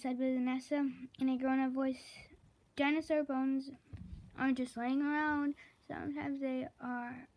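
A woman slowly reading a children's chapter book aloud, correcting herself and pausing to chat about the pictures. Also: fairly high pitch, a little mellow. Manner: slow, careful read-aloud with self-corrections; chatty asides about the pictures. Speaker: reader.

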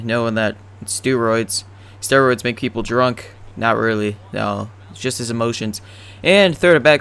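A man's voice: mid-range voice, smooth. A young man doing profane, rambling, joking commentary over a baseball video game. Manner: profane, rambling, deadpan jokes. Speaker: gaming commentator.

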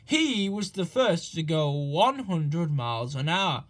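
A man's voice: fairly high pitch, very animated, takes it slowly, exaggerated voice. A man doing a friendly train driver. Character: friendly encouraging male engine driver. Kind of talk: storybook character voice.

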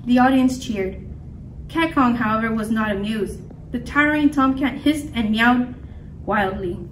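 A woman storyteller reading a picture book aloud in a lively, expressive way. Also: a little high, moderate pace. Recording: echoey room, mic far off, faint noise.

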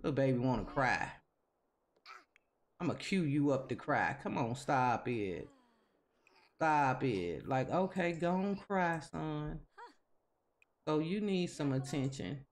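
A woman commentates her gameplay in a relaxed, conversational way. She talks straight at the characters, nagging and teasing them as she goes. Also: extremely low pitch, slow, long pauses. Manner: chatty, scolding the game characters. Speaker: gaming video host. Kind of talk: casual game commentary.

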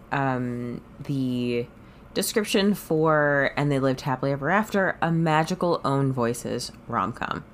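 A woman's voice: very deep voice, lively intonation, a little slow, slight background noise. A woman in her thirties with a cold, co-hosting a casual book club podcast and reading with many hesitations. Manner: hesitant, lots of ums while reading. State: has a cold. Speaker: podcast co-host. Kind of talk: casual chat.

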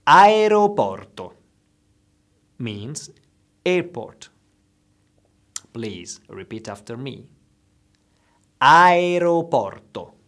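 A man teaching travel phrases, saying each one slowly and clearly so listeners can repeat after him. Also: medium pitch, very animated. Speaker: language teacher. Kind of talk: slow instructional phrase drills.

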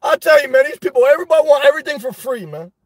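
A man hosting a live stream, reading chat and telling a story in a loud, animated way, swearing often. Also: very high voice, racing, no room sound. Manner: animated, loud, swears a lot, repeats himself. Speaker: livestream host reading chat. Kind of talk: casual livestream rant.

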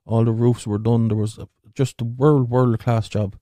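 A man's voice: mid-range voice, level tone, moderate pace, mellow, dry recording. A man with a stutter hosting a podcast, telling crude, rambling jokes and swearing freely. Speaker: podcast host.

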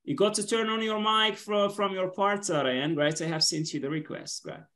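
On a video call, a woman whose first language is Arabic runs an online English class in a medium-pitched, fairly bright voice. Patient throughout, she goes over words slowly and uses Arabic to explain.

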